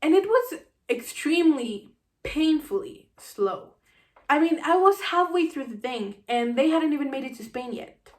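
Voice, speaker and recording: A woman giving an animated, sarcastic book review, acting out the scenes she criticizes. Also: high-pitched, a little slow.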